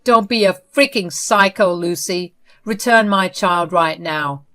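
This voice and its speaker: A woman's voice: lowish voice, unhurried, pushed and bright. A woman voicing a furious young mother who speaks in an angry, threatening way. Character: furious young mother confronting her child's abductor.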